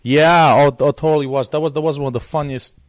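A man being interviewed as a guest guitarist, telling a story in a lively, casual way, often repeating and restarting words. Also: fairly high pitch, fast.

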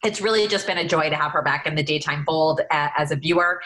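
A woman's voice: sits low, fast talker, fairly bright tone, poor audio. A woman co-hosting a podcast, gushing with admiration about a guest. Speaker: podcast co-host. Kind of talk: enthusiastic podcast intro.

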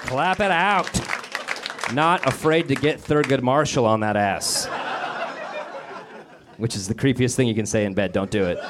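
A man from Denver doing a sarcastic stand-up comedy set on stage with a handheld mic, often slipping into quick put-on voices. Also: medium pitch, crowd noise. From Denver, Colorado. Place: comedy club stage with a laughing audience. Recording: live club recording with audience noise.

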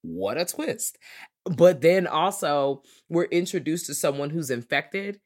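A woman co-hosting a podcast, recapping a horror comedy in a casual, profane and animated way. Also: low voice, a little slow. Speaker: podcast co-host. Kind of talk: casual movie review chat.

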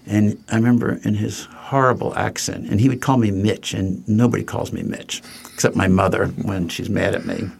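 Gravelly, husky-voiced older man telling stories. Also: on the low side, fairly even intonation, normal speed. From New Jersey. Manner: anecdotal, acts out quoted voices, frequent restarts. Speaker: furniture company co-founder, guest. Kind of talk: casual interview storytelling.

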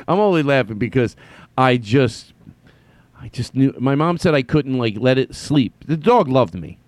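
A man's voice: medium pitch, lively intonation, takes it slowly, a little mellow, no room sound. A man hosting a podcast, telling a story in a rambling, self-mocking way with stammering restarts. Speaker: podcast host. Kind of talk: comedic monologue.

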